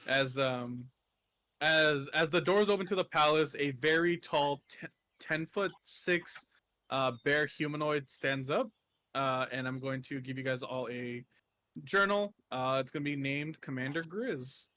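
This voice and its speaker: A man's voice: fairly high pitch, a little slow, sharp tone. A man narrating as game master in a tabletop role-playing game, rambling with many fillers.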